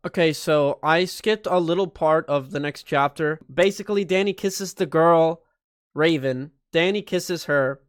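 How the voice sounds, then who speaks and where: A man's voice: a little high, a little slow, clear, resonant tone, no echo, clean studio sound. A young man reading a fan story aloud, breaking off for joking, sarcastic asides. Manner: joking, sarcastic asides and mock-dramatic voices. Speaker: YouTuber.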